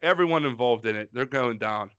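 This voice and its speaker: A man's voice: mid-range voice, animated, brisk, a bit bright, smooth, no echo, lo-fi sound. A man co-hosting a podcast in casual chat, mocking songs with a profane, rambling manner. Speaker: podcast co-host.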